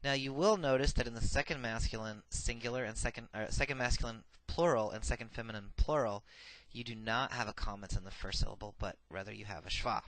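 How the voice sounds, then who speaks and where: A man teaching a recorded grammar lesson, reciting verb paradigms slowly and methodically with frequent filler sounds. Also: mid-range voice, a bit bright, no room sound, rough recording. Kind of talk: recorded lecture.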